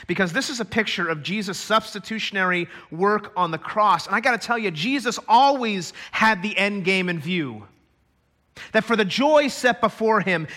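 A man preaching a sermon to a church congregation, emphatic and building to loud climaxes. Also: high voice. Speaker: pastor. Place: church stage.

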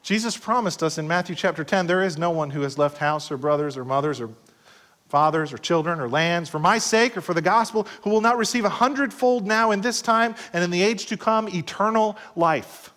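A middle-aged pastor preaching a sermon, swinging between loud passages and hushed asides and acting out quoted voices. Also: male voice, high-pitched, a little fast. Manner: acts out quoted voices in short skits.

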